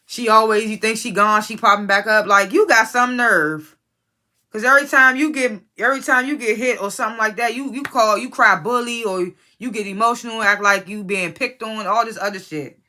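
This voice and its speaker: Blunt, bright-voiced woman reviewing reality TV. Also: fairly high pitch. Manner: blunt, profane, opinionated; talks straight to the people she reviews. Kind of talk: casual recap commentary.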